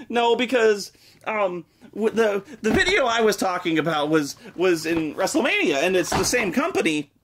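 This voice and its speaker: A man's voice: sits high, big pitch swings, moderate pace, fairly bright tone. A young man reviewing a game in a sarcastic, exasperated rant full of swearing. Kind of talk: ranting comedic review.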